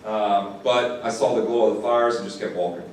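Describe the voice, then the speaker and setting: Male deputy, earnest storyteller, low voice, recorded from a distance in a very echoey lecture room. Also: fairly even intonation, moderate pace. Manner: earnest, repeats words when moved. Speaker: sheriff's deputy speaker. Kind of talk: first-person storytelling to an audience. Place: classroom or lecture hall. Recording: distant mic in an echoey room, faint noise.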